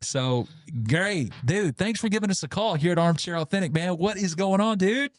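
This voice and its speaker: A man's voice: sits high, normal speed, no echo, studio quality. A man co-hosting a podcast, telling stories with playful, self-mocking jokes. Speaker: podcast co-host. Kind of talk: casual podcast chat.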